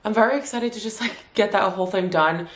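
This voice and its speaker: A woman's voice: medium pitch, fast talker. A young woman vlogging at home in a casual, rambling way, full of "like" fillers, and she sounds a bit stuffy. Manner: chatty, rambling, lots of "like" fillers. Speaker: lifestyle vlogger. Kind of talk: casual vlog chat to camera. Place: at home in an apartment. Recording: echoey room.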